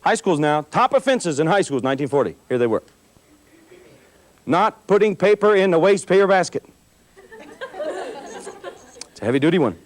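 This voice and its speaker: Folksy high-voiced man lecturing students. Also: animated, moderate pace, pauses often. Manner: folksy, emphatic, repeats phrases for effect. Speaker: motivational speaker to students. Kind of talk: school assembly talk.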